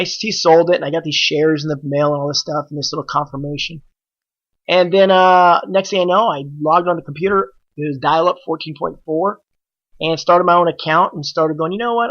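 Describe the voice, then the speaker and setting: Animated man telling a story, lo-fi. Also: on the high side. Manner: animated, acts out quoted dialogue. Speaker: podcast guest, trader. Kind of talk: casual storytelling.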